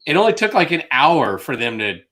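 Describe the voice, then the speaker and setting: A man's voice: a little high, sing-song, a little fast, bright, forceful tone. A man co-hosting a casual live stream, chatty and rambling. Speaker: co-host of a reseller live show.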